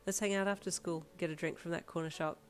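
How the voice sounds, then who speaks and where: A woman's voice: lowish voice, steady tone, fast, soft background music, lightly acted. A woman reading a fan fiction audiobook and voicing an upbeat, affectionate teenage girl who teases eagerly. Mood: playful. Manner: bright, eager, teasing. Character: upbeat playful teen girlfriend, teasing and affectionate.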